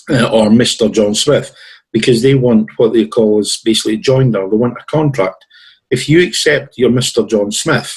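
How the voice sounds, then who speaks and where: A man's voice: on the low side, husky, low-quality recording. A male guest on a talk show telling long, rambling stories and acting out what other people said to him. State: tickly throat with coughs. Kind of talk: storytelling in a conversation.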